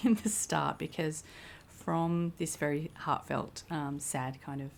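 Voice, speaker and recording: A woman's voice: low voice, fairly even intonation, takes it slowly, creaky, slight background noise. A woman co-hosting a podcast, chatting casually and with amusement about a TV episode. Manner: chatty, amused, laughing between remarks. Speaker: podcast co-host. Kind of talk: casual TV episode recap chat.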